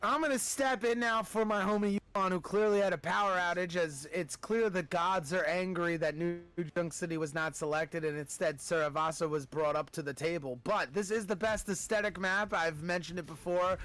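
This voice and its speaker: High-voiced man calling esports plays. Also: steady tone, a bit bright, faint music behind. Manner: hype-driven, quick calls of plays and player picks. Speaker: esports caster. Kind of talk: play-by-play esports commentary.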